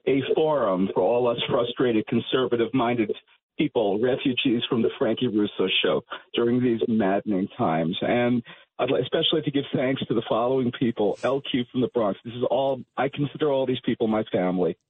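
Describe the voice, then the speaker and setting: A man's voice: medium pitch, slightly rough. New man calling in over phone. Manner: halting, rambling, with fillers. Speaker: radio show caller. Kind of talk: phone-in call. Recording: tinny phone line.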